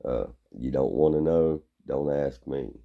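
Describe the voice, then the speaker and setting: A man giving a blunt, gruff, rambling opinion monologue. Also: rumbling low, a little slow, narrow, tinny audio.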